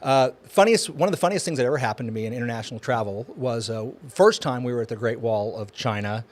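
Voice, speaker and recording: A man's voice: mid-range voice, quick pace. A man co-hosting a podcast in casual chat, rambling with many fillers and restarts. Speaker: podcast co-host.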